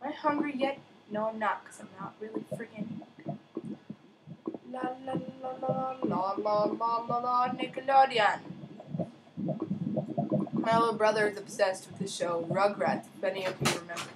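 A woman chatting excitably through casual gameplay commentary, sing-song and fond of mild cursing. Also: fairly high pitch, normal speed, pauses often, heavy background noise. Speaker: gamer.

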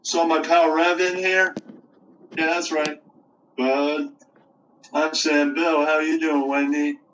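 A man's voice: on the high side, little pitch movement, slow, fairly bright tone, echoey room, far from the mic, a little hiss or hum, low-quality recording. A man voicing an easygoing male duck puppet who keeps repeating his name.

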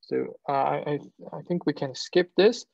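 A man's voice: fairly high pitch, vocal fry, darkish tone, no echo. Man lecturing, dry and slightly muffled. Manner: explanatory, pauses with fillers and self-corrections, asks "right?". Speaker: university lecturer. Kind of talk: technical lecture. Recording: dull, lo-fi lecture recording.

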